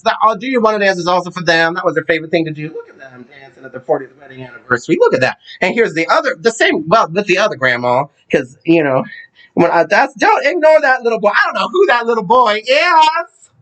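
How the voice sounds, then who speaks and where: A man's voice: high voice, animated, a little fast, bright, forceful tone, low-quality recording. A man hosting an Instagram live stream as a campy, theatrical drag persona, who calls his viewers honey and darling and sometimes slips into a put-on Southern accent. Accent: put-on Southern accent at times. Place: home in New York. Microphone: phone or webcam for an Instagram live stream.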